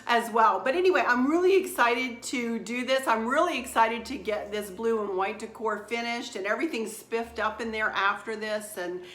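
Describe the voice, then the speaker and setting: This middle-aged crafter hosts her channel's tutorial from a room at home, speaking at a moderate pace with few pauses in a fairly bright, highish voice. She chats cheerfully and meanders, and the audio carries room echo and faint background noise.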